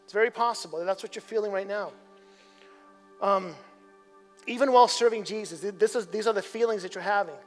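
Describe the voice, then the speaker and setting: A male pastor delivers a sermon in a church sanctuary. His voice sits very high, and the sound carries a long reverberant tail. He talks in a conversational way, doubling back on words and then rising to emphatic peaks. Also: a little fast, pauses often, faint music behind.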